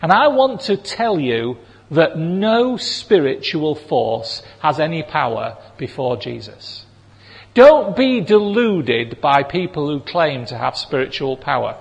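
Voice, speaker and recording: A man's voice: a little high, slow pace, gravelly. Man preaching in a reverberant hall. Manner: animated, acts out voices of people in the story. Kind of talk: sermon. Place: church hall. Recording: long reverb of a large hall.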